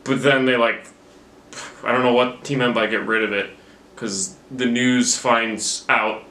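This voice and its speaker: A man's voice: mid-range voice, fairly even intonation, unhurried, bright, forceful tone, slight background noise. Rambling, profane young man in a roomy room. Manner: rambling, profane, self-mocking. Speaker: movie reviewer. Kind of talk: casual rambling movie recap. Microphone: camera mic. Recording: roomy camera-mic recording.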